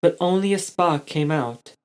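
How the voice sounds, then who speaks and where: A storyteller reading a child's story aloud. The reading is slow and steady, with a middle-pitched voice and an even delivery. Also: smooth.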